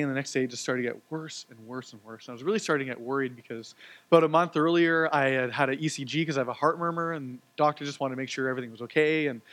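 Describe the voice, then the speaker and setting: A man's voice: medium pitch, a bit bright. A man, preaching a sermon and telling his own story in an earnest, conversational way, with fillers and repeated words. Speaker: pastor. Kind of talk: sermon with personal testimony.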